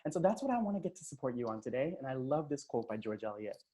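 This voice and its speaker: Upbeat male coach with a mellow voice. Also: medium pitch, big pitch swings, fast talker. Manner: upbeat, hyping the chat with cheers. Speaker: transformational coach. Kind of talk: live online coaching session.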